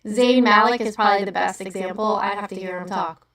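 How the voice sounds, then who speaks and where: A woman's voice: medium pitch, fairly even intonation, a bit bright. A woman from New Jersey with a New Jersey accent, hosting a livestream in rambling, profane casual chat. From New Jersey, USA. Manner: rambling, profane, quick to laugh. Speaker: livestream host. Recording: echoey room, far from the mic.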